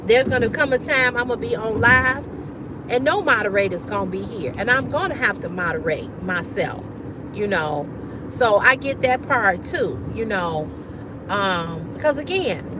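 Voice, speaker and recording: A woman's voice: fairly high pitch, background noise. A woman hosting a casual livestream, talking bluntly and with profanity straight to her viewers in a style. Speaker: livestream host.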